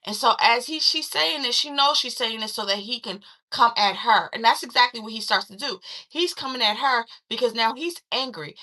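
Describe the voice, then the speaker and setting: A woman casually recapping a movie plot, retelling the story in an animated way with lots of fillers and restarts. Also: on the high side, normal speed, hardly any pauses. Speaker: movie reviewer.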